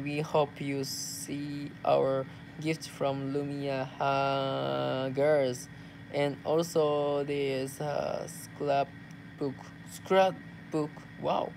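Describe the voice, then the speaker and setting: A Japanese man with a Japanese accent, casually reading fan messages aloud as a vlogger, playful and quick to laugh, mixing Tagalog fillers into his English. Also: fairly high pitch, creaky, darkish tone, a little hiss or hum.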